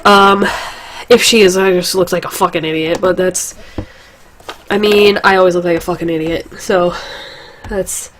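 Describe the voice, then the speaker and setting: A woman's voice: fairly low pitch, steady tone, moderate pace, long pauses, fairly bright tone, a little hiss or hum. A young woman with a stuffy, congested nose, chatting casually and rambling in a gaming vlog, swearing now and then. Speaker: gaming vlogger. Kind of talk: casual chat.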